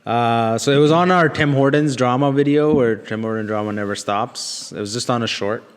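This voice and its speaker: A young man co-hosting a casual podcast, chatting and laughing with animated banter. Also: mid-range voice, moderate pace, clear, resonant tone. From Canada. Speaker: podcast co-host. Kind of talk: casual chat. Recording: long hall reverb.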